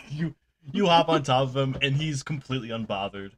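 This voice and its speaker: A male game master narrates a tabletop session in a relaxed, chatty way. He pauses on fillers, stumbles and restarts now and then, and laughs often. His voice sits at a middle pitch for a man.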